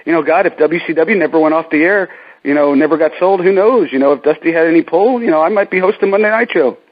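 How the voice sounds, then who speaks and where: A man's voice: on the high side, quick pace, muffled recording. A man being interviewed about his career, telling stories casually with many restarts and fillers. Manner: rambling, many ums and restarts. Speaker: ring announcer guest.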